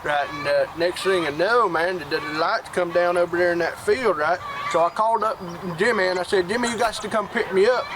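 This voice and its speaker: A man's voice: sits high, brisk, few pauses, noisy background, close to an everyday voice. A man playing a crude, bumbling rural husband who stammers and curses as he rambles. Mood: rambling.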